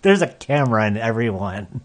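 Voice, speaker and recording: A man's voice: medium pitch, animated, moderate pace. A man co-hosting a comedy podcast who reads out listener questions and giggles through crude banter. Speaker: podcast co-host.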